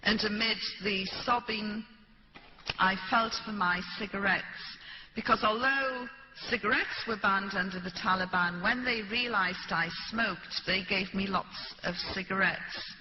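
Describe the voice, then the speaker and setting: A British woman gives a talk to an audience, telling a story from her own life and acting out the people she quotes. Her voice is medium-pitched and a little slow. The hall recording sounds dull and echoey, with light hiss.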